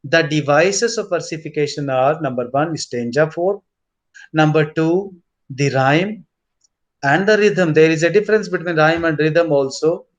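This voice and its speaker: A man teaching a literature class, repeating key points slowly as if dictating notes. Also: a little high, lo-fi sound. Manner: mixes in Hindi instructions. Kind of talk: classroom lecture.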